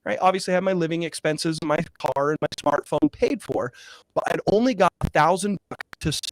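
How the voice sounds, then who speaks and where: A real estate investor appears as an interview guest, earnestly sharing a personal story full of fillers as his emotion builds. His voice is on the high side and fairly quick, in a dry recording.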